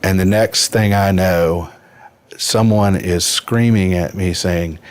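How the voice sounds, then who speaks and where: A man's voice: low voice, fairly even intonation, slow. A man in his fifties telling a personal story as a podcast guest, earnest and vivid. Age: 50s. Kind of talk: personal story in a casual interview.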